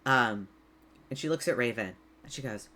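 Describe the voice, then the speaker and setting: A woman's voice: rumbling low, lively intonation, normal speed, sharp tone, slight background noise. A woman narrating a tabletop game as game master, casual and full of fillers. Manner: casual, laughing, filler-heavy.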